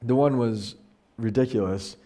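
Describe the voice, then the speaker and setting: Animated man giving a casual sermon. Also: mid-range voice, unhurried. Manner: animated, acts out quoted voices, frequent restarts. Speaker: pastor teaching a Bible study.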